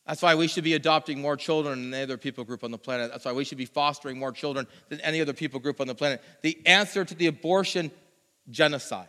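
A man preaching a sermon, telling a personal story with animated delivery and mimicking other people. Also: fairly high pitch, fast. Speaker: pastor. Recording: long hall reverb.

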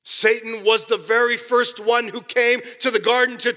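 A man preaching a sermon with passion, swinging between loud emphasis and hushed asides. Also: very high voice, level tone, normal speed, hardly any pauses. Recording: long hall reverb.

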